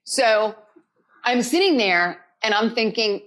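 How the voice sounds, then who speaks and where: A woman, a salon guest, telling a story in casual chat, dramatic and lively, acting out the voices in what she quotes and laughing often. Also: on the high side, moderate pace, husky.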